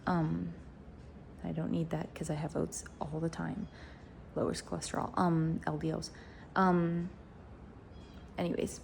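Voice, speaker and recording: A woman's voice: low voice, little pitch movement, unhurried, vocal fry, pauses often, a little mellow, a little hiss or hum. A young woman talking casually to her viewers at home in a rambling, upbeat vlog. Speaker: vlogger. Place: indoors at home.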